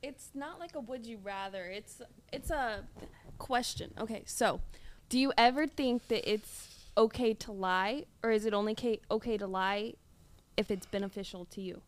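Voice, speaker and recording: A woman's voice: medium pitch, moderate pace. A young woman guesting on a podcast, asking a question in casual, hesitant chat.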